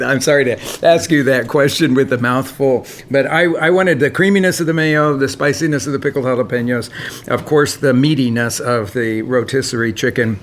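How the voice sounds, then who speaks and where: Middle-aged male chef co-host, eager, laughs easily, slight hiss behind. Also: medium pitch. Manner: enthusiastic, laughs often. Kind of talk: casual food chat.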